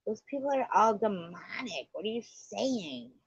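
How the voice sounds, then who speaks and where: A woman hosting a livestream. She rambles in an offhand, profane way at an unhurried, drawn-out pace. Her voice is dry and close, with dull lo-fi sound. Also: medium pitch, expressive, gravelly, slightly rough, no echo. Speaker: livestream host. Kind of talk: casual chat.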